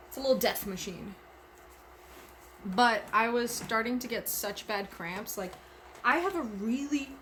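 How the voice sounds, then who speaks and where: A live streamer chats candidly and casually, rambling, giggling and being openly emotional. Her mid-range voice comes with a little hiss or hum in the recording.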